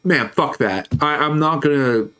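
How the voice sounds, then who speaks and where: A man's voice: a little high, a little slow, sharp tone, smooth. A man streaming, telling a story in a casual, heated, profane way.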